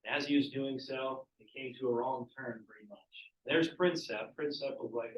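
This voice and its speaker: In an echoey, distant, muffled classroom recording, a male teacher speaks at normal speed with few pauses and a medium-pitched voice. He gives a relaxed history lecture, asking students questions along the way.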